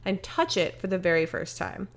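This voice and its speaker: A woman's voice: mid-range voice, very animated, normal speed. Chatty young woman, rambling podcast storyteller. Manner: rambling, filler-heavy storytelling. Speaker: podcast co-host. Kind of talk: casual chat.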